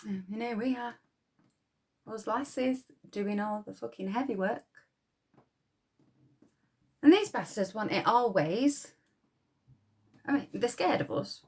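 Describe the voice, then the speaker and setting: A woman's voice: medium pitch, lively intonation, slow pace, pauses often, a little mellow, breathy edge, exaggerated voice. A woman playing a defiant Yorkshire munitions girl. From Yorkshire, England. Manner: coarse, swears freely, scornful. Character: blunt, defiant young wartime munitions girl. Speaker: munitions factory worker. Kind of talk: dramatic monologue.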